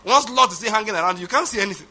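A man's voice: sits high, lively intonation, very fast, bright, forceful tone. A man preaching an emphatic sermon, repeating his points. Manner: emphatic, repetitive, laughs at his own points. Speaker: pastor.

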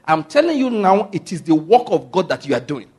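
Husky-voiced preacher man, emphatic. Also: sits high, sing-song, fairly quick, darkish tone. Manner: emphatic, repeats key phrases, asks the listeners questions. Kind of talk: sermon.

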